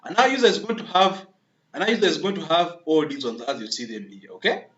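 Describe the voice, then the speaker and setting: A man's voice: on the high side, lively intonation, quick pace, a bit bright, roomy sound, dull audio. A man giving a screen-recorded coding tutorial, thinking aloud, repeating himself and often checking in with a questioning "okay?" while he addresses viewers as members.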